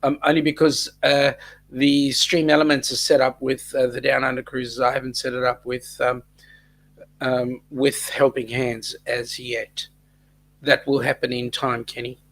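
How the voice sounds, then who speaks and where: Australian male host, slow and halting, gravelly, chatty livestream delivery. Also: mid-range voice, fairly bright tone. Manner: rambling, many ums and restarts. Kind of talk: casual live chat reading viewer comments.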